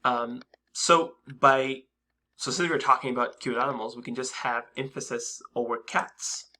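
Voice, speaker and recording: A man walks through a screen-recorded coding lesson with a bright, forward voice. He talks casually and hesitantly, filling gaps with ums and restarting sentences. Keyboard typing clicks sit behind his voice. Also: mid-range voice, normal speed, a little hiss or hum. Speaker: coding instructor.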